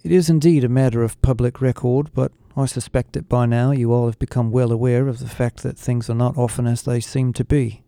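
A man's voice: mid-range voice, fairly even intonation, fairly quick, creaky, hardly any pauses, dark tone, no echo, studio quality, natural voice. A man voicing a cool, cheerful half-alien rock star scientist with a British accent, in an audiobook. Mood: breezy. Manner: cheerful, languid, genteel. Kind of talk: audiobook character voice.

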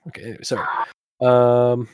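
A man's voice: medium pitch, flat delivery, brisk, a little mellow, clear, resonant tone, dry recording, clean studio sound. A man playing a tabletop horror game, talking casually and stumbling over his words. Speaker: player.

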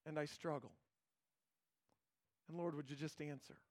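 A male pastor retells a scripture story in his sermon, his voice on the high side, a little mellow and fairly even in intonation. He speaks with earnest emphasis, drops in informal asides and uses dramatic pauses.

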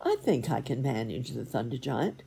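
A woman voicing a calm, resourceful male cat who poses as a grand wizard, speaking slowly and impressively. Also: extremely low pitch, gravelly, a little hiss or hum, full character voice. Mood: calm, crafty. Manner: measured, impressive, slow.

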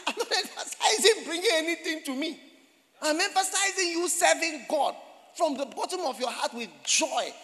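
A man's voice: very high voice, pushed and bright, in a large hall. A man preaching a sermon in a church, talking in a conversational way, repeating phrases and asking the congregation questions. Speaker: pastor.

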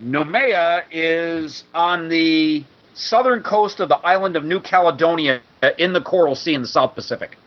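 A man's voice: fairly high pitch, normal speed, few pauses, muffled recording. A man reading out his adventure draft, then patiently explaining background details in casual chat. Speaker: player presenting an adventure draft. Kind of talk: casual chat and story read-aloud.

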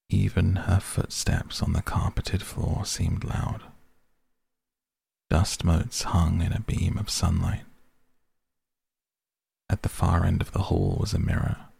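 A man reading a story aloud in a measured, steady narration with a gravelly, husky voice. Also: sits low, no echo. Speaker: audiobook narrator. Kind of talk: scripted narration.

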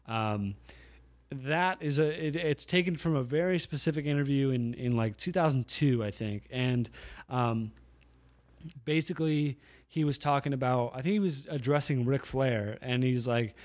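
A man's voice: medium pitch, moderate pace. A man hosting his own podcast, chatting casually and rambling as he tells stories, often correcting himself as he goes. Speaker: podcast host. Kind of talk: casual solo podcast chat.

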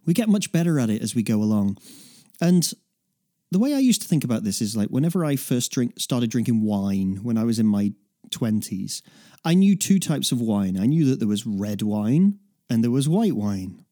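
Guy with a warm mellow voice chatting through a self-help talk, lots of you know, speeds up and slows down. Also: mid-range voice, sing-song. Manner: conversational, many "you know" fillers, uneven pace. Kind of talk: reflective talk to listeners.

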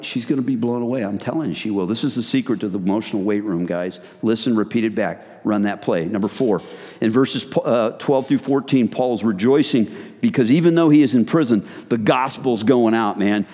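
A man's voice: lowish voice, brisk, mellow, husky. A man preaching a sermon to a men's group, emphatic and exhorting, who keeps calling his listeners guys. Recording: long hall reverb.

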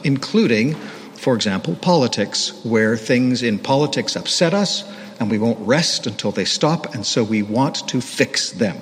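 A male pastor preaches in a candid, conversational way, often poking fun at himself, at a mid-range pitch. His voice rings with a long hall reverb over a faint wash of background noise. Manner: candid, self-deprecating, conversational. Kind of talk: sermon. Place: church.

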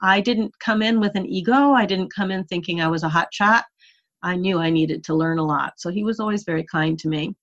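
A woman guest in an interview, telling a story in a lively, animated way. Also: on the low side, fairly quick, highs cut off. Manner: animated storyteller, laughs while recalling. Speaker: interview guest, horse rider.

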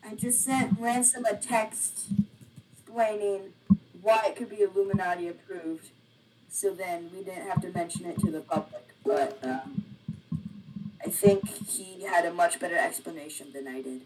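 A woman's voice: lowish voice, fairly even intonation, moderate pace, recorded from a distance, music in the background, rough recording. A woman co-hosting a casual conspiracy-themed podcast, laid-back and offhand with frequent sighs. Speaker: podcast co-host.

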